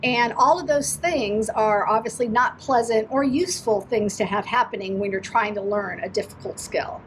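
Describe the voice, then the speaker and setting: A woman's voice: on the high side, normal speed, a little hiss or hum, low-quality recording. A woman swim instructor giving parents earnest, encouraging advice in a direct, explanatory talk.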